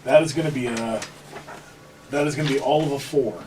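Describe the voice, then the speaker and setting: A man's voice: mid-range voice, fairly quick, distant mic, very noisy. A man playing a tabletop game, joking and talking casually with the table. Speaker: player.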